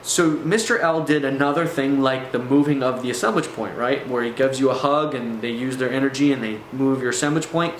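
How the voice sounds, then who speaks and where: A man's voice: medium pitch, brisk, few pauses, slight background noise. Earnest man telling his testimony. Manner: earnest, intense, with restarts and fillers. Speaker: vlogger telling a personal testimony. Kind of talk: earnest personal storytelling. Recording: echoey room.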